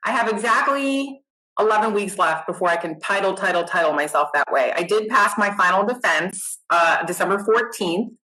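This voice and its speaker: A middle-aged woman, a nurse guest, chatting casually in an interview, animated and self-deprecating. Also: medium pitch, moderate pace, rough recording.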